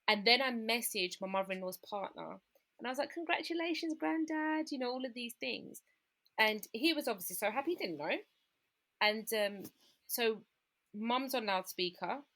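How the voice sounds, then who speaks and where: A woman's voice: mid-range voice, fairly bright tone. A woman, a podcast guest candidly recounting a personal story and acting out what her family said. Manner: candid, acts out the voices of family in her retelling.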